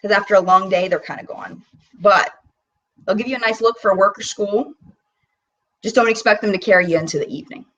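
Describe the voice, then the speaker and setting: A woman hosting a casual live-stream about makeup, talking in a chatty, animated way with bursts of mock disbelief as she swatches products. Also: mid-range voice, fairly quick, pauses often, recorded from a distance, lo-fi sound. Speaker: beauty vlogger hosting a live chat.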